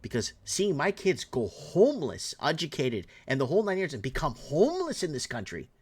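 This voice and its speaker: A man's voice: a little high, huge pitch swings, brisk, a little mellow, slightly rough. Heated middle-aged man ranting. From Canada. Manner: indignant and heated, with repeated restarts. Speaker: commentator. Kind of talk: impassioned rant to camera.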